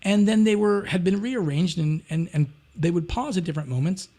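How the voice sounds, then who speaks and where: A man, a podcast guest, telling travel stories in a lively way, slipping into sung and acted quotes. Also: high-pitched, brisk. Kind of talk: animated storytelling.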